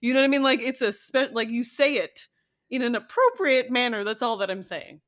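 A woman co-hosting a casual podcast, talking in an animated, playful and emphatic way. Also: on the high side, fairly quick. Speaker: podcast co-host. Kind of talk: casual chat.

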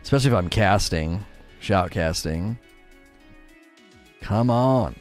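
Speaking slowly, a man streams himself gaming with faint music behind him. He casually reads out viewer messages and answers them, chatty, his pitch swinging animatedly.

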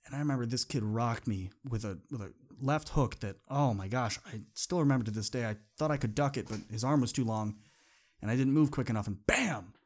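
Man, podcast host, earnest, conversational, mid-range pitch, motivational monologue. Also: fairly quick. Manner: earnest, conversational, repeats phrases for emphasis.

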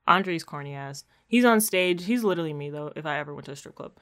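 A woman's voice: deep voice, expressive, fast, crowd noise. A woman co-hosting a casual chat, laughing often as she recaps scenes. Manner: laid-back storytelling with frequent laughs. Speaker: podcast co-host recapping a TV episode.

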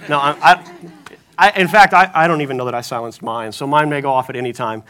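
A man preaching a sermon as pastor, telling animated stories with self-deprecating humor. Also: mid-range voice, quick pace, smooth.

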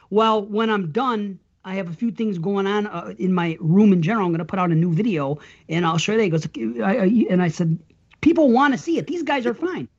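A man hosting a casual podcast chat, easygoing and rambling, laughing often as he tells his stories. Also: high voice. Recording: slightly muffled audio.

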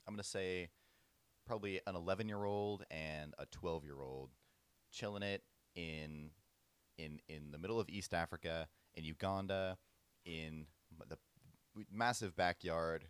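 A young man co-hosting a casual podcast, telling stories in a relaxed, easygoing way. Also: deep voice, normal speed, smooth, dry recording. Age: young adult. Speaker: podcast co-host. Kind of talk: casual chat, storytelling.

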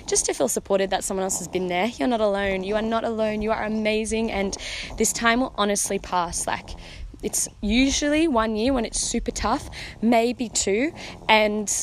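A young adult woman, a mother hosting a podcast, talking casually and earnestly with lots of "um" and "like", warmly encouraging. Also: on the high side, vocal fry, a little hiss or hum. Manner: earnest and encouraging, many fillers like "um" and "like". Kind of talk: casual heartfelt talk.

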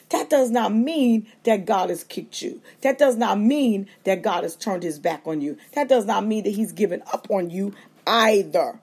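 Fervent woman preaching, husky voice. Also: a little high, lively intonation, darkish tone. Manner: fervent, call-and-response preaching with quick acted-out asides. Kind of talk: sermon. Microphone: livestream feed.

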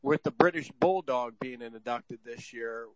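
A man's voice: medium pitch, unhurried, dry recording, poor audio. A man co-hosting a casual podcast, throwing in teasing jabs and questions. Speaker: podcast co-host.

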